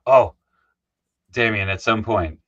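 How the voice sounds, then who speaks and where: A man hosting a live stream, chatting casually and animatedly with guests and shouting out viewers. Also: on the low side, slow pace. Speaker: stream host. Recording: slightly dull lo-fi stream audio.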